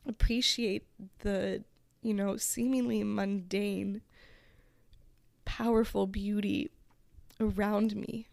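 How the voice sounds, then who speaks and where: Slow, gravelly woman recalling a story. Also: medium pitch, darkish tone, dry recording. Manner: slow, reflective and emotional. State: tearful. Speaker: podcast host. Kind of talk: personal storytelling.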